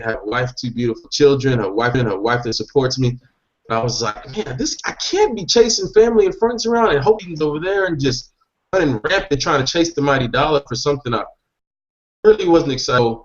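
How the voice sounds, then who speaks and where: A man's voice: mid-range voice, dull audio. A man speaking as a guest in an online hangout, enthusiastic and rambling, interrupting himself. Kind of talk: motivational online hangout talk.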